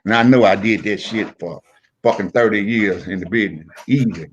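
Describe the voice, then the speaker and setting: A middle-aged former wrestler telling stories in a casual interview, profane and animated, acting out the voices of the people in them. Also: male voice, lowish voice, brisk, muffled recording, a little hiss or hum. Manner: profane, animated storyteller who acts out quotes.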